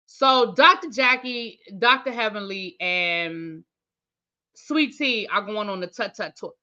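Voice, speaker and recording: Chatty woman reviewer, bright lo-fi voice. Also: medium pitch, expressive, slow pace. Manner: chatty, thinks aloud, talks to viewers. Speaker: TV review host. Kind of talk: casual recap chat.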